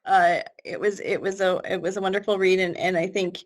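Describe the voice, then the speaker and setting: A woman interviewing an author, praising the book in a halting way. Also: on the low side, level tone. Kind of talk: casual interview chat.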